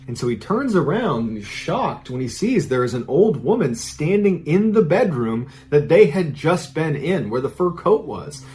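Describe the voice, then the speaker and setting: A man's voice: mid-range voice, a little mellow, a little hiss or hum. A man hosting a podcast, telling a mysterious story in a casual, suspenseful conversational way. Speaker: host and storyteller.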